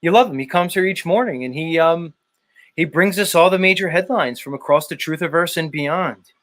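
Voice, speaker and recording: A man's voice: on the high side, moderate pace, a bit bright. Sarcastic ranting male livestream host. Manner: sarcastic, swearing, mock-exasperated. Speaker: show host. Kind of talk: casual sarcastic livestream rant.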